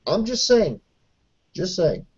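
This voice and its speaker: Dry, mellow-voiced man, lo-fi podcast. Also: high voice, big pitch swings, slow, breathy edge. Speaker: podcast co-host. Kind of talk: wrestling review commentary.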